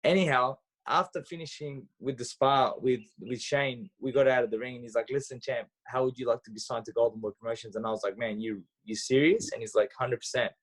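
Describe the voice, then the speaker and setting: A man, a podcast guest telling stories in a lively, casual way, full of fillers and restarts. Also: mid-range voice, a little fast, few pauses. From Australia. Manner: animated storyteller, acts out dialogue, frequent fillers and restarts. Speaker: podcast guest, former boxer. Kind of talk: casual interview storytelling.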